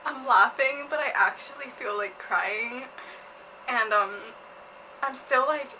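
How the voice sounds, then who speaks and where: Giggly high-voiced young woman vlogger. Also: slow, pushed and bright, a little hiss or hum, low-quality recording. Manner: giggly, gushing, flustered. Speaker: booktube vlogger. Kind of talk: casual chat.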